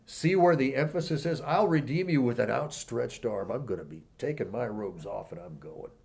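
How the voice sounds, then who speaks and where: A man delivers a sermon with a middle-pitched voice. He reads scripture aloud slowly and with weight, then eases into plain, conversational explanation. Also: gravelly, a little mellow. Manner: emphatic scripture reading, slowing for key words. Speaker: preacher.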